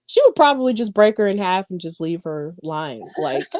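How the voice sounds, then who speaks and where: A woman's voice: lowish voice, moderate pace, no room sound, clean studio sound. A woman co-hosting a podcast, chatting casually as she recaps events and acts out the lines of the people involved. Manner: animated, acts out quoted lines. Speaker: podcast co-host.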